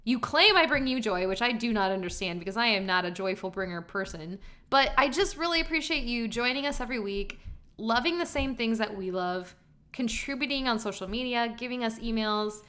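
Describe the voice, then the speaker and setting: Chatty woman podcast co-host, bright and a bit high, rambling casual storyteller. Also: animated, brisk. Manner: warmly thanks listeners. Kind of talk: casual chat.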